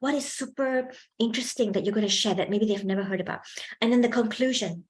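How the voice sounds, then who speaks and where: A woman's voice: a little high, fast talker. A young woman giving a chatty public speaking workshop to students, asking them questions and laughing often. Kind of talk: lively seminar talk to students.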